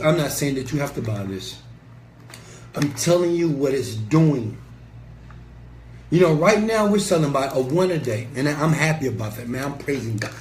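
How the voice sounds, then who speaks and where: A man's voice: mid-range voice, a little mellow. Passionate preachy man in an echoey room. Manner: passionate, preachy, emphatic, swears at times. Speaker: entrepreneur and motivational mentor. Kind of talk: motivational monologue to camera. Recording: echoey room with faint ambient noise.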